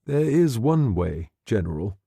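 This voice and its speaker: A man reading a novel aloud, voicing a quiet, respectful army captain. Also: fairly low pitch, big pitch swings, measured pace, vocal fry, slightly rough, no room sound, clean studio sound, full character voice. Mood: polite. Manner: quiet and polite.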